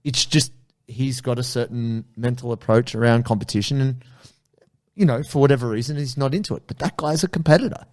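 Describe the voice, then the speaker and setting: An animated man telling gym stories on a podcast, swearing easily and acting out what others said. His voice sits at an ordinary middle pitch. He talks like a jiu-jitsu coach chatting with a friend. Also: fairly quick. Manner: animated storyteller, swears casually, acts out quotes. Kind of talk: casual chat.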